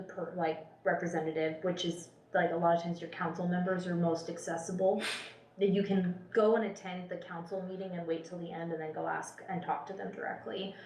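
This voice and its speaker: A woman's voice: lowish voice, a little hiss or hum. Woman guest, earnest and chatty, recorded at a distance in a reverberant room. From Spokane County, Washington, US. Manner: earnest, chatty, many fillers and restarts. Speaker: policy expert guest. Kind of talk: casual panel conversation. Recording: roomy room, mic at a distance.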